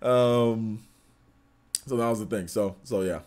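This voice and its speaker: A man's voice: on the low side, slow pace, a little mellow. A young man from California hosting a live stream, reading viewer comments aloud and chatting loosely with lots of fillers. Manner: rambling, filler-heavy, reads chat aloud. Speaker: streamer host.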